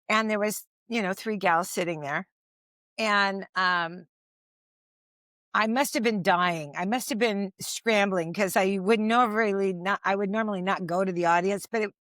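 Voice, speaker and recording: Older woman, lively anecdotal comedian. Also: medium pitch, no room sound, studio quality. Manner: animated, laughing, self-deprecating anecdotes. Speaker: comedian guest. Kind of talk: conversational storytelling.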